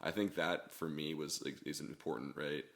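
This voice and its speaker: A hoarse man, a band's singer who has lost his voice, chatting casually as an interview guest and often ending points with "right?". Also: rumbling low, normal speed. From Texas. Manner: relaxed, talks in long runs with many "right?" tags. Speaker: guest musician, band singer.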